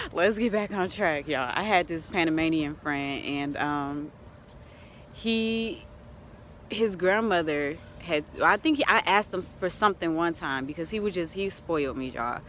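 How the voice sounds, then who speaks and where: A woman's voice: fairly low pitch, big pitch swings, a little slow, fairly bright tone. Chatty woman vlogger with light background noise. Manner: chatty, laughs often, keeps addressing viewers as y'all. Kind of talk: casual motivational vlog.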